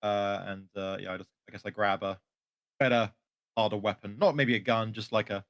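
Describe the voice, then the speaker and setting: A man's voice: on the low side, fairly even intonation, a little fast, a bit bright, no echo, clean studio sound. A man playing a tabletop game, talking casually and hesitantly as he thinks aloud. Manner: hesitant, full of ums and restarts. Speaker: player. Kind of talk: casual tabletop role-play chat.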